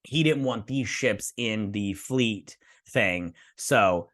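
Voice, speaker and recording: A man hosting a show, excitedly recapping an episode like a gushing fan, with lots of fillers and restarts. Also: lowish voice, takes it slowly. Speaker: host.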